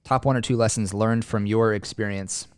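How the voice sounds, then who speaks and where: Man, podcast host, low voice, dry close sound, enthusiastic, affirming. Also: steady tone, moderate pace, clear, resonant tone, no echo. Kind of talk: casual interview chat.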